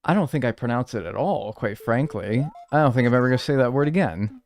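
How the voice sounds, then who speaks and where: A man's voice: medium pitch, animated, fast talker, darkish tone. A man chatting casually with his live-stream audience, playful and mock-outraged, swearing as he jokes.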